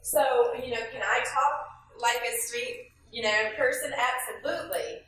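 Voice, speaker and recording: A woman runs a classroom training for new staff, sassy and playful in tone. Her voice sits a little high, and she is recorded from a distance. The room rings with strong echo and faint background noise. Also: measured pace, a bit bright. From Southern United States. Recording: echoey room, speaker far from mic.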